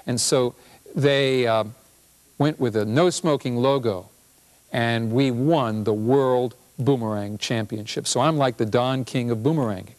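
A man, a physician and professor, giving a humorous public health talk with an animated, punchy delivery. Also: medium pitch, unhurried.

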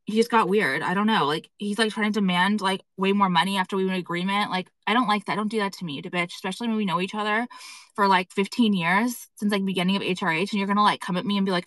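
Bright-voiced, exasperated woman ranting on a live stream. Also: mid-range voice, quick pace, dry recording, low-quality recording. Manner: rambling and exasperated, heavy swearing and fillers. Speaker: fashion brand owner livestreaming to followers. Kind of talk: casual live-stream chat. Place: indoors at an appointment.

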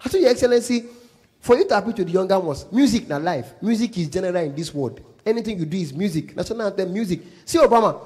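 A man with a Nigerian accent doing stand-up comedy, telling a story in an animated, pidgin-laced way. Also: high voice, fast, slightly rough. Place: live show venue.

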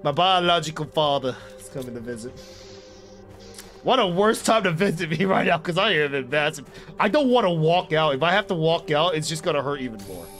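A young male streamer with a high, bright voice, chatting loudly and crudely to his viewers over a desk mic. He rambles, swears and breaks into yells, with faint game music underneath. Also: expressive, brisk. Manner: loud, rambling and profane, bursts into yelling. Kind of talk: casual live-stream chat while gaming.

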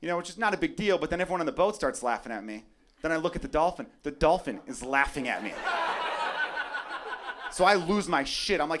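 A young man performing a stand-up comedy set, brash, dropping to mumbled asides and then shouting rants. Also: a little high, lively intonation, quick pace. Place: comedy club stage before a live audience. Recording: live club recording with crowd noise. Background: audience laughter.

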